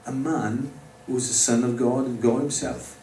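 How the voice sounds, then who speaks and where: Man telling his faith story to a crowd, relaxed low-key tone, echoey room w/ faint hum. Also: normal speed, gravelly. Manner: conversational, speaks directly to the audience. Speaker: speaker giving his testimony. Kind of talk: personal faith testimony to a live audience. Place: pub or club venue with an audience. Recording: roomy, distant mic with faint background noise.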